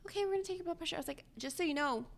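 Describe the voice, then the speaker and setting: A young adult woman co-hosting a podcast, telling a story in casual chat, animated and often laughing as she acts out the people in it. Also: extremely high pitch, racing, creaky. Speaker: podcast co-host.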